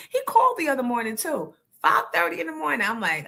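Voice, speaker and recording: A middle-aged woman hosting a morning radio show, telling stories in a blunt, profane, animated way. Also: on the high side, fairly quick. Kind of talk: casual storytelling chat.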